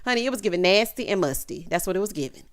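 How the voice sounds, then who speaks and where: A woman's voice: mid-range voice, lively intonation, rapid-fire. A woman hosting a casual reality TV recap, telling it with sassy, dramatic flair and lots of 'honey' and 'child'.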